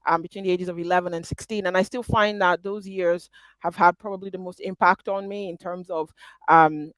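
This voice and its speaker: A man from Nigeria hosting an interview, talking reflectively and trailing off softly. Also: sits high, fairly even intonation, a little fast, dry recording. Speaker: host. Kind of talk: casual interview chat.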